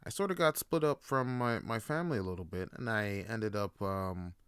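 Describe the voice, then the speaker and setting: A man hosting a show, telling stories in a relaxed, profane way with lots of fillers. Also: lowish voice, clear, resonant tone, dry recording, clean studio sound. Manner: laid-back, profane, full of fillers like "like". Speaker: podcast host. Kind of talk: casual storytelling monologue.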